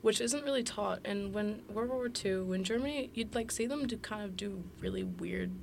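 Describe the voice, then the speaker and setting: A young woman co-hosts a casual podcast, her voice carrying a gravelly fry. She tells stories in a chatty rush, acting out quotes and leaning on "like". A faint hiss sits under the recording. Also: mid-range voice, normal speed, a little mellow. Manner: chatty storyteller, acts out quotes, many fillers. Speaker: podcast co-host. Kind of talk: casual chat.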